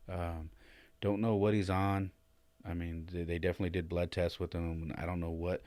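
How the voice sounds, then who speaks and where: Low deep guy rambling through a story on his podcast, lots of restarts, says man a lot, dry close sound. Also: little pitch movement, moderate pace, dry recording. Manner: rambling, many restarts and "man", rising and louder when emotional. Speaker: podcast host. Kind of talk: casual storytelling monologue.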